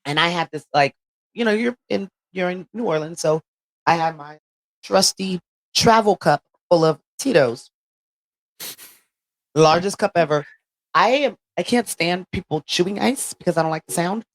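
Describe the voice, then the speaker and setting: A woman's voice: on the low side, normal speed. A woman from California, a podcast co-host, telling a story in casual chat and acting out what people said. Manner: lively storyteller, acts out quotes. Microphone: home podcast mic on a stand.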